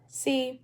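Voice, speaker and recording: A young woman hosting a reaction video, casual and candid, talking straight to her viewers.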